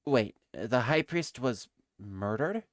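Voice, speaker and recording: A woman's voice: a bass voice, animated, takes it slowly, no room sound, clean studio sound, pitched below the performer's own voice, full character voice. A woman voicing a flustered young male defense lawyer in a fan voice-over of a game, with sarcastic, exasperated asides. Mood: bewildered.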